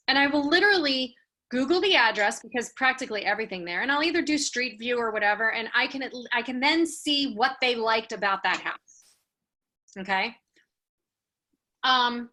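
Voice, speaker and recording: A woman in her thirties runs a casual training session for agents. She talks briskly and with animation, slipping into client dialogues, and her voice is bright and forceful, pitched a little high. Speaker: real estate team leader training agents. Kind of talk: casual team training talk.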